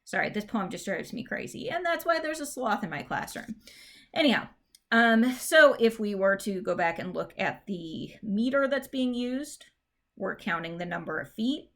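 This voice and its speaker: A woman's voice: mid-range voice, expressive, normal speed, fairly bright tone. Casual woman teaching poetry meter. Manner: casual, explanatory, with frequent fillers and restarts. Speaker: English teacher. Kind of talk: recorded classroom lesson.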